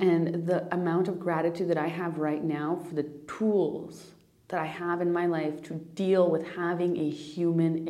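A woman's voice: on the low side, mellow. A young woman hosting a podcast, talking through her feelings in a candid, emotional monologue with restarts and swearing. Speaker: podcast host.

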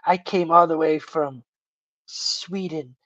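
A man's voice: fairly high pitch, steady tone, takes it slowly, fairly bright tone, no room sound, dull audio. A man doing a mocking impression of an indignant teenage girl climate activist. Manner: mocking, exaggerated outrage.

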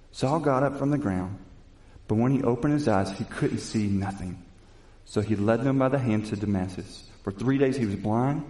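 A man delivers a sermon in a warm, mellow voice with middling pitch, recorded in a roomy space with noticeable echo. He mixes Bible reading with loose, conversational retelling and builds to emphatic questions. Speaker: preacher. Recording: echoey room.

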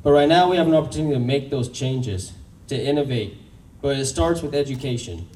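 Hyped man pitching on stage. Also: lively intonation, brisk, darkish tone, recorded from a distance, a little hiss or hum, low-quality recording. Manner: hyped, rallying, crowd-engaging. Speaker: pitch presenter. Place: large event room in Austin.

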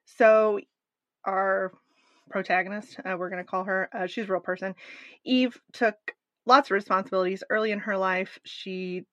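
Woman, podcast co-host, casual chat, animated storytelling, mid pitch, dry sound. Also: normal speed, dry recording. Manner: animated, recapping a documentary with asides.

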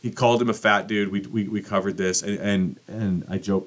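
A man's voice: on the low side, fairly even intonation, normal speed. Profane ranting male podcast host. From United States. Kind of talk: casual political commentary.

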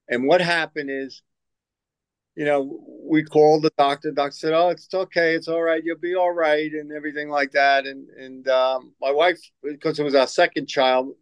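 A man's voice: a little high, no room sound, poor audio. An older man, a former basketball coach, telling rambling stories in an interview, repeating himself and acting out what people said. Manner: rambling, repeats words, acts out quoted lines. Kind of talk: storytelling interview answers.

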